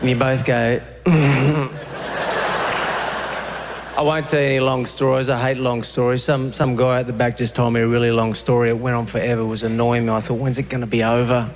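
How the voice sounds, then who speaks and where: A man with an Australian accent performing a stand-up comedy routine, telling deadpan stories and acting out the voices of other people. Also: mid-range voice, a little fast, background noise. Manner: deadpan storytelling with acted-out voices.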